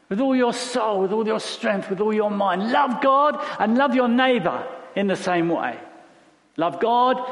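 A man preaching a sermon in a conversational way, asking rhetorical questions and repeating phrases for emphasis. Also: high voice. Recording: long reverb of a large hall.

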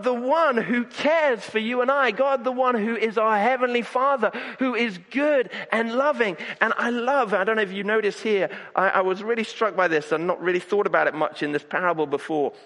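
A man's voice: sits high, bright, forceful tone, big-room sound. A man preaching a sermon, earnest, often repeating words as he starts a sentence. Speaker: pastor.

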